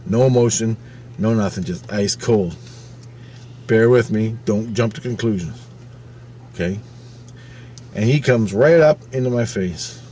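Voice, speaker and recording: A man's voice: lowish voice, dark tone, slight background noise. A man in his fifties telling a personal story to camera. He speaks casually and emphatically, swears often, and repeats phrases as he goes. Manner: profane, emphatic, halting retelling with repeated phrases. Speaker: channel host.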